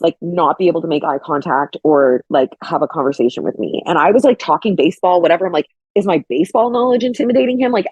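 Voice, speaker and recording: Young woman, guest storyteller; animated, lots of "like", acts out quoted lines, husky, slightly low voice. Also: dry recording.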